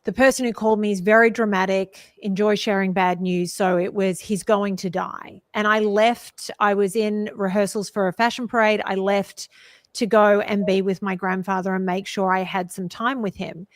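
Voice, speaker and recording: A woman co-hosting a conversational podcast, sharing a personal story in an earnest, heartfelt manner. Her voice sits at a middling pitch for a woman. The sound is dry and close, with no room around it. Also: steady tone, moderate pace, no echo. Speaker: podcast co-host.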